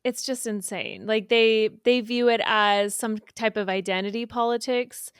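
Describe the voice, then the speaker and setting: A woman's voice: a little high, lively intonation, measured pace, clean tone, no echo, clean studio sound. A woman hosting a podcast, chatting casually and supportively with her guest while asking follow-up questions. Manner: supportive, responsive interviewer. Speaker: podcast host. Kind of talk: casual interview chat.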